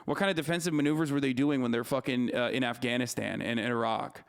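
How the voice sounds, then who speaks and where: A man's voice: medium pitch, fairly even intonation, quick pace, clean tone. A man streaming live, ranting heatedly about politics, cursing freely and answering his chat. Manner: heated, profane, argumentative. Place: streaming studio.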